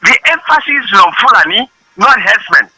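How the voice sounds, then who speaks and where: A man's voice: sits high, expressive, normal speed, pushed and bright, breathy edge, no room sound, low-quality recording. A man calling in by phone, making an emphatic, repetitive, insistent point. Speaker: phone-in caller. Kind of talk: call-in comment. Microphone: phone line.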